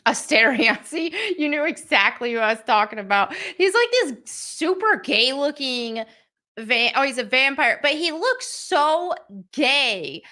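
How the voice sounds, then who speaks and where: Brief: woman host, high bright voice, slow and blunt, sarcastic live commentary. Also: expressive. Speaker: livestream show host.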